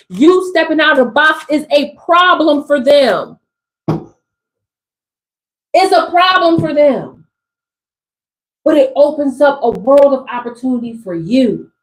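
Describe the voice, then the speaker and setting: A woman's voice: high voice, poor audio. A woman with an East Coast accent, reading tarot cards live in an emphatic, slangy way that repeats phrases. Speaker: spiritual coach reading tarot for a live audience.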